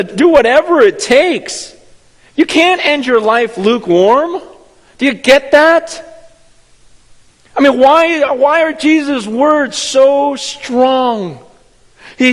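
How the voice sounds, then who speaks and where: High-voiced preacher in a reverberant hall. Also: male voice. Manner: impassioned, acts out quoted voices, stammers and repeats. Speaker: pastor. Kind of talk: sermon.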